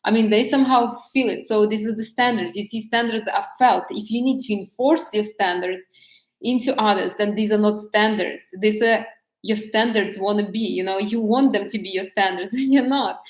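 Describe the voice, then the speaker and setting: A woman's voice: mid-range voice, normal speed. A woman dating coach giving casual, frank advice straight to the camera, talking off the cuff with restarts. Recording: echoey room.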